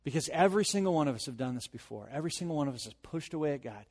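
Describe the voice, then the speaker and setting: A male pastor delivering a sermon in a fairly high voice. He moves between hushed, serious points and energetic, animated storytelling. The sound carries a long reverb from a large hall. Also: racing. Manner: animated storytelling, rising loud in anecdotes.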